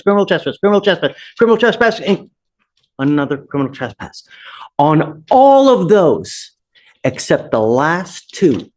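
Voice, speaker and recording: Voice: mid-range voice, a little mellow. A judge speaking sternly from the bench in a courtroom, running through long lists of charges.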